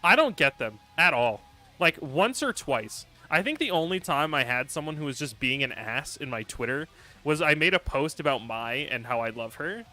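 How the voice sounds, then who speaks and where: A man chats loosely on a livestream, rambling and joking with plenty of laughs and fillers, his pitch swinging widely. His voice has a bright, forward edge, and soft music runs quietly under him. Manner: reads and answers viewer chat. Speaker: streamer. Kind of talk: casual livestream chat.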